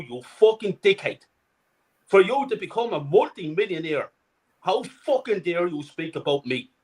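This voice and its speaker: A middle-aged man tears into a furious, profane rant as a fan-channel co-host. His voice sits high and leaps all over the place as he shouts. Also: poor audio. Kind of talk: angry ranting fan commentary.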